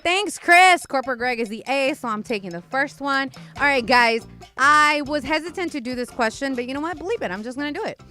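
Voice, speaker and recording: A young woman co-hosting a radio show, telling a story casually and haltingly. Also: sits high, soft background music. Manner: animated, hesitant storytelling. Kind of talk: casual chat.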